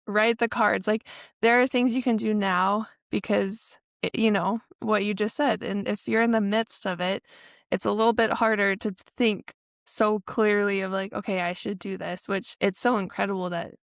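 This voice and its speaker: A woman's voice: mid-range voice, fairly even intonation, moderate pace, dry recording, clean studio sound. A woman hosting a podcast interview, speaking in a reflective, affirming way. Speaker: podcast host. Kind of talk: interview conversation.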